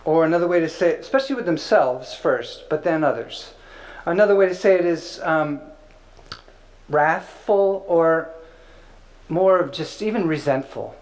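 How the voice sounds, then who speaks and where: A man's voice: a little high, normal speed, poor audio. A man teaching an informal spiritual class, conversational and playful, with filler words.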